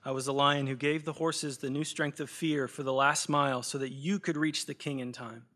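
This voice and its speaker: A commanding old lion speaks in grave, measured declarations, as a preacher reads him aloud in a sermon. His voice rings bright and forceful, each line weighed and deliberate. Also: medium pitch, flat delivery, lightly acted. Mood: solemn. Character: great solemn male lion, ancient, commanding. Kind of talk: sermon reading of a story.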